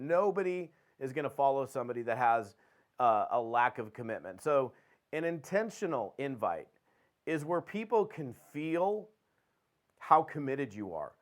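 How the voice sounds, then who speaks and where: A man hosting a podcast, giving an energetic motivational training talk and acting out quick phone calls. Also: medium pitch. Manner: animated, acts out phone calls with quick dialogue. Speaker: podcast host and network marketing trainer.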